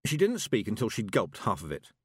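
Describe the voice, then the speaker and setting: A man narrating a fantasy audiobook with an expressive reading. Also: fairly low pitch, brisk, husky, no room sound, studio quality. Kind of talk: scripted narration.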